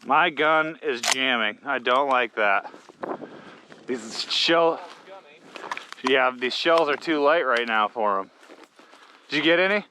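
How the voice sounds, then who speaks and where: A man out hunting in a field, chatting casually and asking quick practical questions. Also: mid-range voice, pushed and bright, a little hiss or hum. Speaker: hunting companion. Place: open field outdoors.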